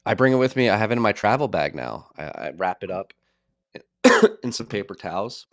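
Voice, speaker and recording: A man's voice: fairly low pitch, expressive, a little fast, a bit bright, no echo, clean studio sound. A man co-hosting a podcast in casual, joking banter, reading promo codes and teasing his co-host. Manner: laid-back, joking, reads ad codes.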